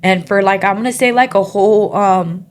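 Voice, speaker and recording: Soft-spoken woman telling her testimony. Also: medium pitch. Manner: soft-spoken and halting, with many pauses and fillers. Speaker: interview guest. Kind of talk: personal testimony in casual conversation.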